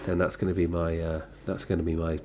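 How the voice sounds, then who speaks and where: There's slight background noise behind this man's low, dark, level voice as he speaks quickly. Co-hosting a podcast, he chats casually and rambles, often using fillers and restarting sentences.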